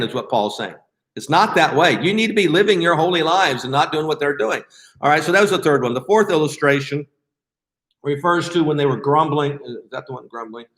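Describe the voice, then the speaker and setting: A man leading a Bible study in a casual, conversational way, often pausing with fillers and restarting his sentences. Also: a little high, animated, a bit bright, reverberant.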